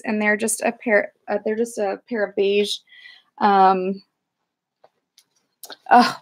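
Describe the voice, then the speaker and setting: A woman's voice: medium pitch, gravelly. A woman chatting casually through a thrift haul video, rambling with lots of fillers and restarts. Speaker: thrift reseller vlogger.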